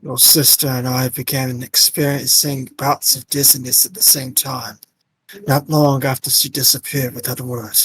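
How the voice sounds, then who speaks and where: A man voicing a calm, resigned male arena fighter from a game, attempting an Irish accent as he reads the lines on a livestream. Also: mid-range voice, normal speed, husky, full character voice, low-quality recording. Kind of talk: voice-acting game dialogue on a livestream.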